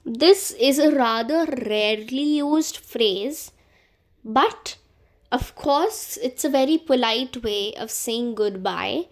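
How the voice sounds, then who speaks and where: A woman teaching beginner French greetings, saying each word slowly and more than once. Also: on the high side. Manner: slow, careful pronunciation drills with repeated words. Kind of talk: beginner language lesson.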